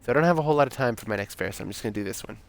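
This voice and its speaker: A man's voice: mid-range voice, animated, rapid-fire, creaky. A man streaming a story game, reading its narration aloud with casual, wry asides. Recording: faint game music.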